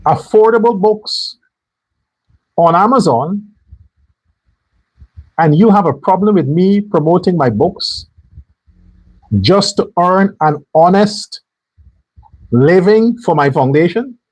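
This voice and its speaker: A man's voice: sits high, animated, slow pace, pauses often, darkish tone, breathy edge, rough recording. A man hosting a political commentary show, ranting angrily and bluntly, swearing and hammering his points through repetition. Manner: angry, blunt and profane, hammering phrases by repetition.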